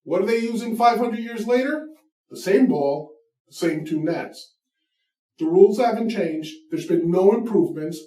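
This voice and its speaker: A man's voice: high voice, animated, moderate pace, mellow. A man hosting a comedy show, ranting in a mocking, profane, emphatic way. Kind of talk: comedic rant. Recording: echoey room, mic far off.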